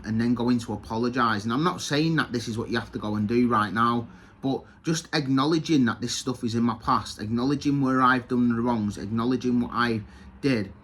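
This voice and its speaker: A man speaks in an earnest, reflective way, straight to his listeners. He often repeats and restarts words as he thinks aloud. His voice sits at an ordinary middle pitch for a man. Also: fairly bright tone. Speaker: self-help video host. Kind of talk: reflective personal talk to camera.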